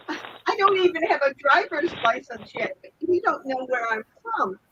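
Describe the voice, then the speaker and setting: Slow, high-voiced older woman telling a story. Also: expressive, a bit bright, dull audio, a little hiss or hum. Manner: laughs often while telling, acts out others' lines. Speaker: guest. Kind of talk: casual storytelling. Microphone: video call.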